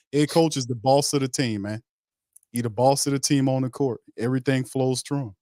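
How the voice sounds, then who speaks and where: A man's voice: medium pitch, fairly even intonation, brisk, dark tone, no echo. Male podcast host, mid-range voice, slangy and emphatic, dry close mic. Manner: loose, emphatic, slangy delivery with many restarts. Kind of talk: casual sports talk show.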